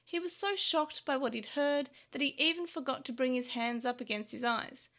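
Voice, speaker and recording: Woman reading a story out loud, high bright voice, expressive, little slips. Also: moderate pace.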